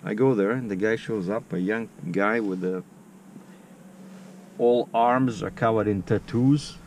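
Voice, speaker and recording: A man's voice: lowish voice, unhurried, darkish tone, a little hiss or hum. Chatty man telling a story on camera. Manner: chatty, filler-heavy, acts out the other people's lines in dialogue. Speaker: vlogger.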